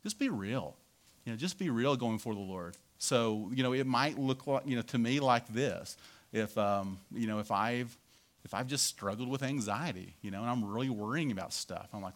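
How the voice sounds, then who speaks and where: A man's voice: medium pitch, lively intonation, normal speed. A man preaching a conversational sermon as pastor, often tagging lines with "right?" and "you know".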